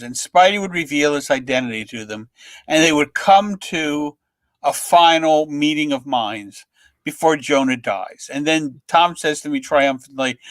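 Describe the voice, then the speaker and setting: Animated older male storyteller. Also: fairly high pitch, no room sound. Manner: lively storyteller, acts out voices in quotes. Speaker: comics writer, guest. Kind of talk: animated anecdote telling.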